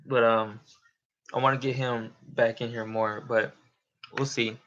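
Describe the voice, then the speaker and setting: A man's voice: mid-range voice, flat delivery, unhurried, fairly bright tone, highs cut off. A young man chatting casually on a live stream, rambling and swearing, often laughing. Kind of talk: casual livestream chat.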